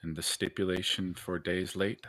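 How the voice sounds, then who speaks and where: A man's voice: low-pitched, level tone, moderate pace, fairly bright tone. A man voicing a shrewd male adventurer who haggles in a cool, pointed way. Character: shrewd male adventurer driving a hard bargain. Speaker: tabletop player.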